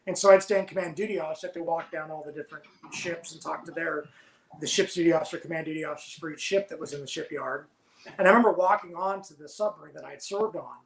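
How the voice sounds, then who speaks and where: A man, a former submarine officer, telling lively stories as a podcast guest and laughing often. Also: a little high, fast, gravelly, roomy sound, low-quality recording. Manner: animated storyteller, laughs while telling. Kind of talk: storytelling in casual podcast chat.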